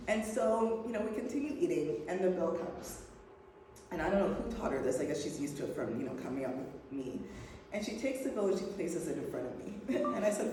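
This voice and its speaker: A woman's voice: on the low side, very animated, brisk, mellow. A woman speaker at a women's network event telling a personal story, laughing often as she talks. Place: event hall. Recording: echoey hall, voice from far off, noisy.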